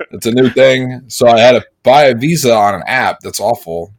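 A man's voice: mid-range voice, normal speed. A man co-hosting a casual podcast chat, telling rambling stories and acting out what others said. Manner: rambling storyteller, animated when quoting others. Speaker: podcast co-host.

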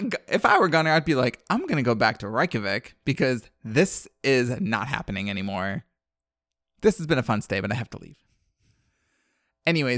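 A man in a casual chat, retelling a story with lively delivery and quick shifts into the characters' voices. His voice sits at a medium pitch and is recorded dry and close, with no room sound. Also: no echo. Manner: animated storyteller, acts out characters' lines. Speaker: podcast co-host recapping a film.

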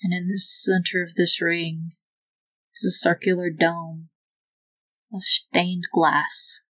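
Woman running a tabletop game, slow and moody narration, lowish voice. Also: flat delivery, sharp tone, rough recording. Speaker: game master.

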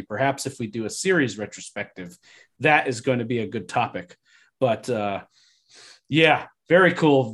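A man co-hosting a podcast, talking eagerly about a TV episode and often restarting his sentences. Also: medium pitch. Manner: enthusiastic, restarts often when excited. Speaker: podcast co-host. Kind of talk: casual discussion of a TV episode.

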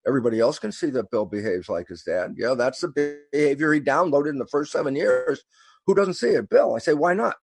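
A man talking as a guest, telling a story in an animated way and acting out the quoted lines. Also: fairly high pitch, fairly quick, gravelly, music in the background. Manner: animated, acts out quoted dialogue. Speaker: guest speaker. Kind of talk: storytelling conversation.

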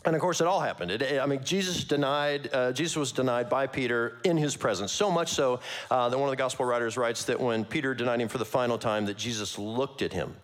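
A man preaching a conversational sermon, casual and animated, with slangy asides and frequent laughs. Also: medium pitch, brisk, hardly any pauses. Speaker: pastor.

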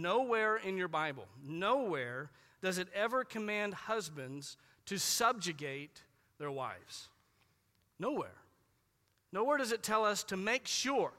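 A man preaching with a high, bright voice that rings through a hall with a long reverb. He is emphatic, repeats his key phrases and slows down sharply to press home single words. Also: lively intonation. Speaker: pastor. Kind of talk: sermon.

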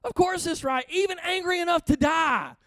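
Jonah, a preacher acting out an indignant shouting prophet. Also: male voice, very high voice, normal speed, dry recording, studio quality, voice pushed up. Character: angry sulking male prophet Jonah.

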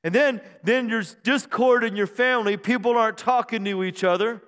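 High-voiced pastor preaching in a reverberant church. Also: male voice, normal speed, fairly bright tone, clear, resonant tone. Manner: humorous, conversational preaching with call-and-response. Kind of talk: sermon. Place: church sanctuary.

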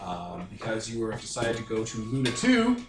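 A man narrating a tabletop game as game master, loose and profane, quick to laugh. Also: fairly low pitch, huge pitch swings. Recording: roomy recording, faint music.

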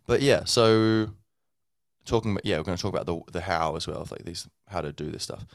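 Brisk and low-voiced, a man runs his podcast as a meandering, filler-heavy monologue, clearly tired from too little sleep. The studio sound is clean, with no room sound.

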